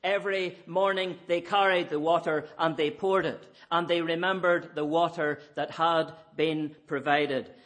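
A man's voice: a little high, fairly even intonation, unhurried, few pauses, fairly bright tone. A man preaching an evening sermon, earnest and emphatic, pressing his listeners with repeated rhetorical questions.

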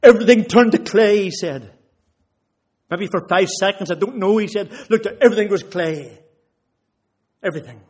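A man's voice: high voice, normal speed, pauses often, darkish tone, husky. A man giving a sermon testimony, retelling conversations with rising intensity. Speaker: preacher.

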